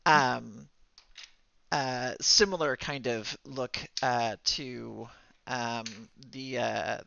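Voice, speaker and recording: A man running a tabletop game as game master, narrating in a halting way with many fillers and restarts. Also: medium pitch, fairly even intonation, creaky, bright, forceful tone, dry recording, dull audio.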